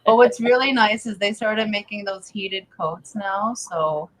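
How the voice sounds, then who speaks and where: A woman from Wisconsin co-hosting a casual fish-keeping livestream, chatty and quick to laugh, reading out viewer names. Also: medium pitch, noisy background. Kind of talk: casual chat.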